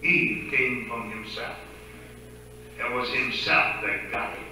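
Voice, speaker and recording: A man's voice: medium pitch, steady tone, slow, pushed and bright, a little hiss or hum. A man preaching a sermon in a church, talking conversationally and stopping to ask the congregation questions. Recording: echoey church sanctuary.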